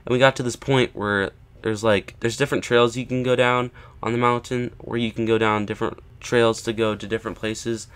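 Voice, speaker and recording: A man with a smooth, clean voice at an ordinary middle pitch tells a story in a chatty, casual way. He keeps checking in with his listeners and plays out the quoted lines with lively emphasis. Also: a little fast. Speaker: vlogger.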